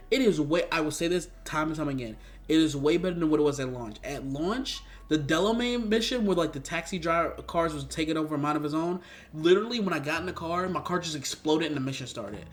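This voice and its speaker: A man's voice: a little high, expressive, quick pace. A young man giving a casual, frustrated spoken game review, ranting with lots of fillers and restarts.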